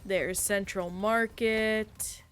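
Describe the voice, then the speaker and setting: A woman streamer in casual, chatty conversation while playing a game, reacting aloud in an animated way. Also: mid-range voice, very slow, clean tone, faint music behind. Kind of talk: casual gameplay chat.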